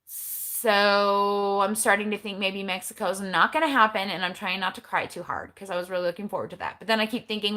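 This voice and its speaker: A middle-aged woman talks casually to her livestream viewers, recorded on her phone. Her voice is bright and clear, and her manner is chatty and blunt, full of eye-rolling asides. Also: mid-range voice, fairly even intonation, fairly quick, few pauses. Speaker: keto vlogger.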